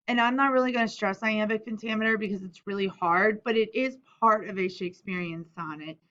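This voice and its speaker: A young woman teacher walks her class through a recorded lesson, explaining terms plainly and dropping casual, friendly asides. Her voice sits at a middle pitch, and the recording sounds slightly dull and lo-fi. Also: a bit bright.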